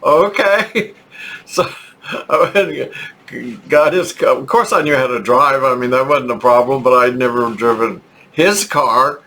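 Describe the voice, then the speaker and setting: An older man from Texas with a Texan accent, telling a rambling, halting story with chuckles in a casual vlog. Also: mid-range voice, pushed and bright. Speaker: vlogger.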